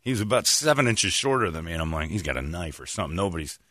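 A man's voice: sits low, big pitch swings, quick pace, fairly bright tone, no echo, clean studio sound. A middle-aged man hosting a casual talk show, telling stories and acting out the voices of the people in them. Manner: storytelling, acts out voices in anecdotes. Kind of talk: casual chat.

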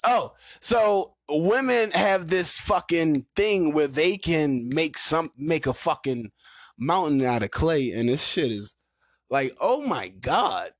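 A man hosting a casual podcast, ranting loudly and swearing as he vents about dating. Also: on the high side, expressive, slow pace, dry recording, clean studio sound. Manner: loud, profane and ranting. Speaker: podcast host.

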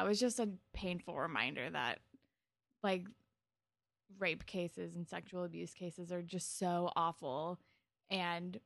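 A young woman co-hosting a casual recap chat, chatty and quick to laugh. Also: fairly low pitch, gravelly, a bit bright, no echo. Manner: chatty, laughs often, lots of fillers. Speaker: podcast co-host.

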